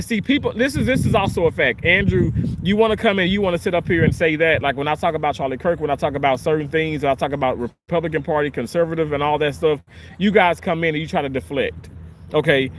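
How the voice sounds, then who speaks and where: A man with a high voice talks outdoors in a park, answering viewer comments on a livestream. His delivery is animated and rambling. Faint outdoor noise sits behind him. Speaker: livestream host reading chat. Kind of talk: casual livestream chat.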